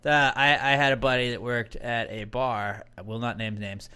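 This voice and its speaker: A young man co-hosts a casual podcast with a bright, smooth and clear voice at a middle pitch. He talks in laid-back, profane banter. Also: moderate pace. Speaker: podcast co-host. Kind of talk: casual chat.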